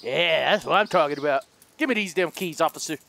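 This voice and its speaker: A man doing loud, goofy, excitable commentary as he plays a game, often laughing. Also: a little high, a little fast, vocal fry. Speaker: let's play host. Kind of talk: gaming commentary.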